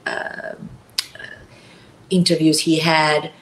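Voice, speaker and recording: A woman speaking as a guest actress in a casual interview, telling a story with animated voices and frequent laughter. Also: low-pitched, drawn-out words, roomy sound, poor audio.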